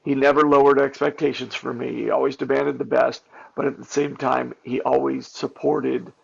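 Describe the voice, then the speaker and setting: A man with a very gravelly, husky voice tells behind-the-scenes stories as an interview guest. He talks in an animated rush of fillers and restarts. The audio is dull and lo-fi. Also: medium pitch, moderate pace. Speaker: stuntman and actor guest. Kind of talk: candid interview storytelling.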